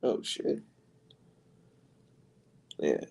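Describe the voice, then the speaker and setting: A man giving a profane, excitable reaction to boxing clips on his vlog, swearing and mocking as he talks. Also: extremely slow. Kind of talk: profane casual reaction commentary.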